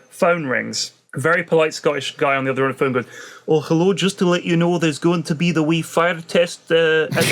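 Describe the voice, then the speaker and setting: A man's voice: a little high, a bit bright. A man co-hosting a podcast, telling a sweary travel story in casual chat and acting out the quotes. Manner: swears a lot, acts out quotes in anecdotes. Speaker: podcast co-host.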